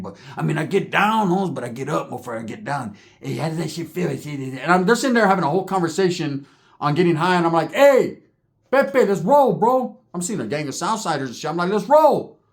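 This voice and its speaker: Gravelly man telling a slangy street story. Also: medium pitch, quick pace. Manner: slangy, animated, acts out other characters' voices. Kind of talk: comedic storytelling monologue.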